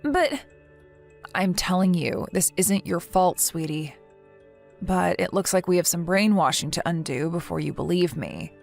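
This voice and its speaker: A woman's voice: fairly low pitch, lively intonation, a little slow, creaky, faint music behind. A woman voicing a caring, outspoken young woman. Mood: firm. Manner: firm and reassuring. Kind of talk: text-message story reading.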